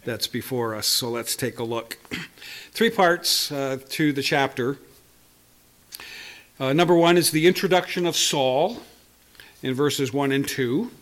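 A man's voice: medium pitch, a little slow, long pauses, fairly bright tone. An older man preaching a sermon in a conversational, storytelling way, often restarting words and chuckling. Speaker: pastor.

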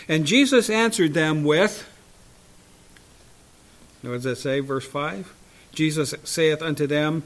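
Unhurried male Bible study teacher, fairly high voice, chuckles often and leans hard on scripture.

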